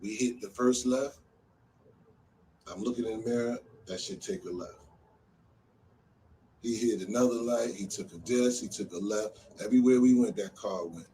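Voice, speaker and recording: A man from New Jersey casually telling a street story in a loose, animated way, often filling with "you know what I'm saying.". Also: fairly low pitch, moderate pace, long pauses, recorded from a distance, a little hiss or hum, rough recording.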